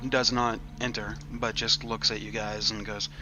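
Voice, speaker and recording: A man narrating a tabletop game as game master, lively, with quick asides. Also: fairly low pitch, music in the background.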